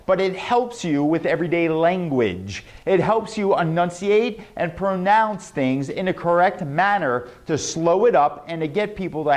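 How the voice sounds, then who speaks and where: A man teaching sales tonality, drawing out his words and firing rhetorical questions. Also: a little mellow. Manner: swooping exaggerated pitch, emphatic and drawn out; rhetorical questions, fast asides. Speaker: sales trainer. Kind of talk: motivational sales lesson.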